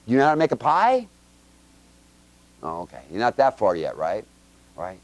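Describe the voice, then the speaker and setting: A man giving an informal Bible teaching to a congregation with children, firing quick questions at them in a chatty, joking way with homespun examples. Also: on the low side, huge pitch swings, no echo. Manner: quizzes the audience with quick questions.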